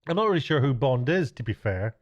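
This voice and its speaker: Middle-aged male vlogger, mid pitch, rambling self-deprecating chatter, muffled lo-fi recording. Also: big pitch swings, fast. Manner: chatty, self-mocking, stumbling restarts. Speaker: YouTuber and TV director. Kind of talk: rambling late-night vlog. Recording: dull lo-fi sound.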